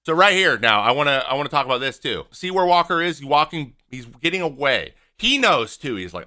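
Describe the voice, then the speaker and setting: A man in his thirties giving animated, opinionated casual commentary over game footage, acting out what the players say. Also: on the high side, a little fast, few pauses. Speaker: podcast host and former pitcher.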